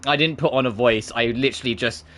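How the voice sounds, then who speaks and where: A man's voice: medium pitch, quick pace, a bit bright. A man in his twenties from Britain with a faint British accent, rambling and swearing as a streamer in casual chat. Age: 20s.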